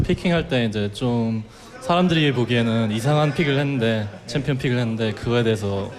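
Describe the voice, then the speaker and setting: A man's voice: medium pitch, racing, crowd noise. A man interpreting in an interview, hesitant with many fillers.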